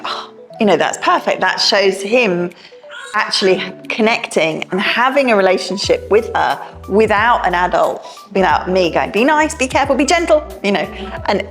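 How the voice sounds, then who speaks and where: A middle-aged woman talking informally to parents, sharing home stories, with many fillers and restarts. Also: mid-range voice. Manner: chatty and warm-hearted, with many fillers and restarts. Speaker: education director speaking to parents. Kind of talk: informal talk to parents, personal anecdotes.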